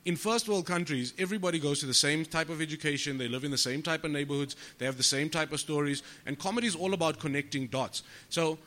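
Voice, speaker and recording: Comic on a podcast, bright edgy voice, acts out his quotes. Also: a little high, fast, few pauses. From South Africa. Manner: animated storyteller, swears freely, acts out quotes. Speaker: comedian guest. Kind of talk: storytelling podcast chat.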